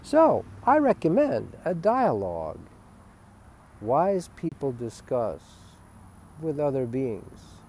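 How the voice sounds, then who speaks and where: A man giving a spiritual webcast monologue, emphatic and rambling, swinging from loud declarations to hushed asides. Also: medium pitch, wildly swooping pitch, slow pace, a little hiss or hum. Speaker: spiritual teacher.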